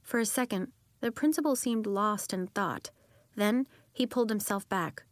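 A woman narrates a children's novel in a close, dry studio sound. Her pitch sits in the middle, and she keeps a steady storytelling pace. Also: normal speed, dry recording. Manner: acts out children's voices with lively pitch jumps. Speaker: audiobook narrator.

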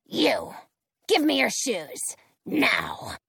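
A woman's voice: high-pitched, wildly swooping pitch, very slow, creaky, a bit bright, breathy edge, no room sound, clean studio sound, heavily acted. A woman reading aloud voices a menacing one-eyed witch who snaps and snarls threats. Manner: snapping, threatening.

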